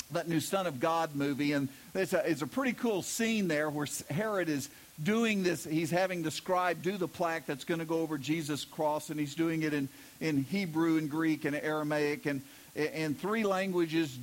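A middle-aged man preaching a sermon as pastor, telling stories and stressing key words with emphasis. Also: on the high side. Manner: storytelling with emphatic preaching, voices quoted characters.

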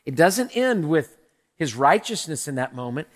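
A man with a notably high voice preaches an Easter sermon to a congregation. He talks with lively energy. He drives his points home by asking the same rhetorical questions again and again. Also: moderate pace. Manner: animated, asks repeated rhetorical questions. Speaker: pastor. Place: church in front of a congregation.

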